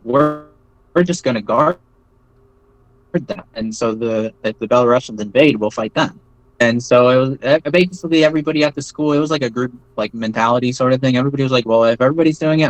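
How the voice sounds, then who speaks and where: A man telling his story as an interview guest in a loose, rambling way, full of fillers and quick "right?" checks. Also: medium pitch, no room sound, low-quality recording. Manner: rambling, many fillers and tag questions like "right?". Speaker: interview guest, former foreign volunteer fighter. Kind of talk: casual spoken storytelling.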